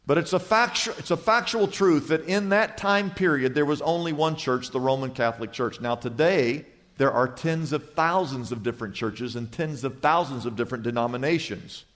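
A man preaching a sermon to a congregation as pastor, telling a joke with lively acted-out voices. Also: mid-range voice, moderate pace. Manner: animated storytelling, acts out characters in a joke. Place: church hall before a congregation. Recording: long reverb of a church hall.

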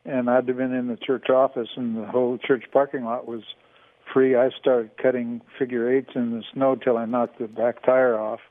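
An older man in his eighties talks in a measured, even way, with little movement in his pitch. He comes through a tinny phone line. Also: no room sound. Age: 80s. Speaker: guest, the host's father.

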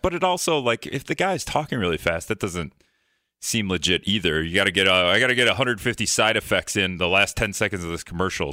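Rambling, jokey radio talk host. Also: male voice, deep voice, pushed and bright, no room sound, studio quality. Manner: rambling, jokey, acts out exasperated reactions.

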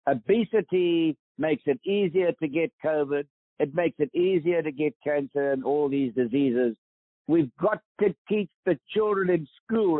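Heard over a tinny, dry phone line with no echo, an emphatic South African man in his eighties is a guest in an interview. He's a veteran golfer with a high voice and a preaching manner.

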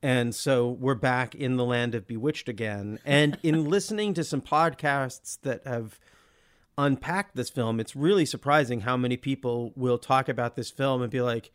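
A man's voice: mid-range voice, normal speed, clean tone. A man co-hosting a podcast, chatting casually and enthusiastically about a film, often laughing. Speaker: podcast co-host.

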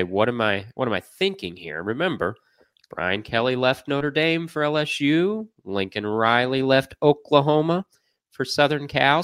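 A man from the American Midwest hosting a casual sports podcast chat, lively and chatty and quick to laugh. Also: medium pitch, dry recording. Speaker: podcast host.

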